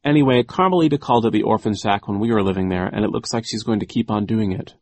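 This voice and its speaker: A man voicing a gentle, earnest young girl, in a storybook reading. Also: on the low side, quick pace, no room sound. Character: girl orphan, gentle and sad.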